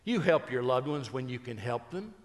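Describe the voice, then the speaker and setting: A man's voice: mid-range voice, expressive, moderate pace, big-room sound. An older man, a Christian speaker and humorist, telling folksy, joking stories that turn earnest. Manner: folksy, joking storyteller who turns earnest. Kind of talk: humorous storytelling talk.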